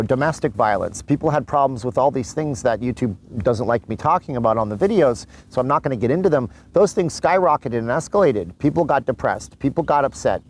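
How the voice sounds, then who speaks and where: A man's voice: mid-range voice, a little hiss or hum, rough recording. A man born in Canada, vlogging in a chatty, rambling way with asides to his viewers, a mask on as he talks. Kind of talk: casual vlog commentary. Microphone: mask on while talking.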